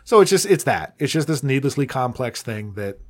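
A man with an ordinary mid-range voice chats on a casual podcast. He picks apart a film's plot with dry, deadpan jokes. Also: medium pitch, brisk. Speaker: podcast co-host. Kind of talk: casual film critique chat.

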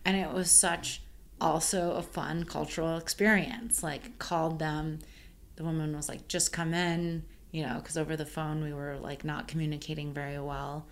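Woman, caterer, casual chat, lower voice, animated storyteller. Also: normal speed. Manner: animated storyteller, many "like" fillers.

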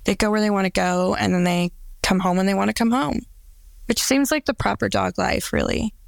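Brief: woman, strong vocal fry, reflective essay read thoughtfully, dry close sound. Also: mid-range voice, fairly even intonation, no echo. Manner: thoughtful, measured.

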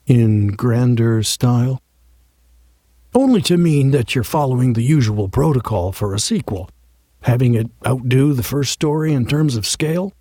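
A man voicing a glib, flattering male book editor who talks in a smooth, quick way. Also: mid-range voice, no room sound, clean studio sound, heavily acted.

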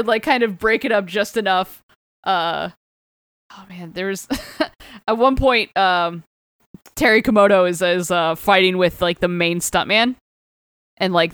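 A woman's voice: medium pitch, fairly bright tone, smooth, dry recording, studio quality. A woman co-hosting a casual podcast, recapping a comic with frequent laughter and acting out characters' lines. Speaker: podcast co-host.

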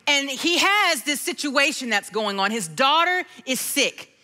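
A middle-aged woman delivers a sermon through a family story, acting out each voice as she goes. Her voice sits high and bright, and it swoops freely from line to line. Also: lively intonation, a little slow. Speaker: preacher.

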